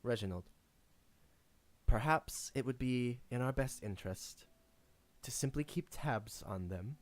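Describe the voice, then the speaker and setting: A man's voice: medium pitch, animated, measured pace, natural voice. A man voicing a composed, guarded woman leader who speaks formally and measuredly.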